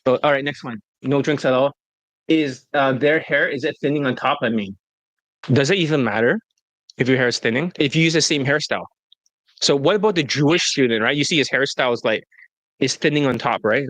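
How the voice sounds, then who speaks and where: A man's voice: medium pitch, brisk, fairly bright tone, no room sound. A man who is a dating coach hosting a casual interview, talking bluntly with lots of swearing and mockery. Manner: blunt, profane, mocking. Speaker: dating coach and show host.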